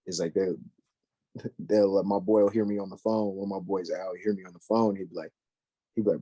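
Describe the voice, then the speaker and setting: Husky young man with a dark voice. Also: low voice, brisk, no echo. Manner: slangy, filler-heavy, animated storytelling. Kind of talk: casual podcast chat.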